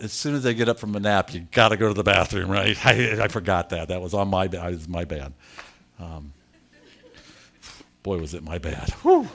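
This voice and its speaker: An older man preaching a sermon, telling a personal story in an animated, emotional, self-deprecating way. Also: sits low, a little hiss or hum.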